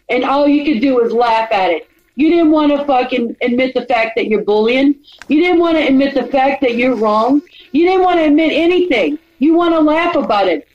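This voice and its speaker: A woman livestreamer in a furious, profane rant, repeating herself and making threats. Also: sits high. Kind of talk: angry confrontational rant. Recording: dull lo-fi audio.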